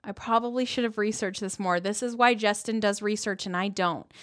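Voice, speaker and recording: A woman's voice: mid-range voice, fairly even intonation. A woman co-hosting a podcast in a casual chat, teasing and laughing often. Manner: giggly, teasing, quick to laugh. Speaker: podcast co-host.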